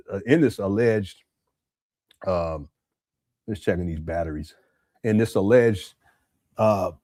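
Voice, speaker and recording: A man's voice: fairly low pitch, a little mellow, dry recording, studio quality. A man hosting a live stream, casually rambling while reading viewer messages aloud. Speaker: livestream host.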